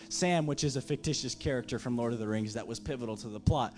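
A man's voice: medium pitch, quick pace, hardly any pauses, a little mellow, faint music behind. A man preaching a sermon as pastor, impassioned, with emphatic repeated phrases.

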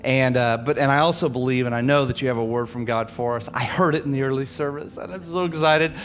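A man's voice: mid-range voice, quick pace. A man pastoring a church, energetically leading his congregation from the platform before introducing a guest speaker. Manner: energetic, rallies the congregation to read aloud.

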